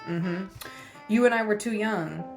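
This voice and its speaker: A woman talks straight to camera through a spiritual reading, blunt and teasing, with plenty of swearing mixed into her tough love. Her voice sits at an ordinary middle pitch. Faint music plays softly behind her. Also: measured pace, gravelly. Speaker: tarot reader.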